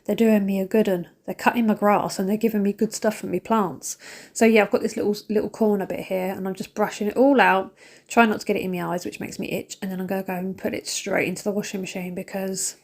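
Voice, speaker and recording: A woman's voice: medium pitch, level tone, fast talker. A British woman chatting casually to her viewers while she cleans. She rambles and talks straight to camera, and she is emotional and pokes fun at herself. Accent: British English. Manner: emotional, self-mocking. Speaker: cleaning vlogger.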